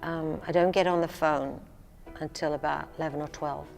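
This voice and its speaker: An older woman, a singer and stage actress, talking candidly and self-deprecatingly in a relaxed interview, often laughing at herself. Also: low-pitched, normal speed, vocal fry, in a large hall, faint music behind.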